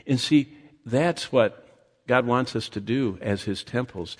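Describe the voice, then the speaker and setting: A man's voice: medium pitch, measured pace, slightly rough. Preaching man in a reverberant hall. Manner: animated preaching with restarts and acted asides. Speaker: pastor. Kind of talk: sermon.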